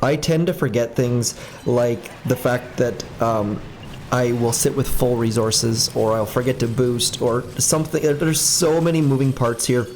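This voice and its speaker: A man's voice: medium pitch, steady tone, a little slow, a little mellow, a little hiss or hum. A man hosting a casual live stream, chatting upbeat and thinking aloud while he plays. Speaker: game streamer.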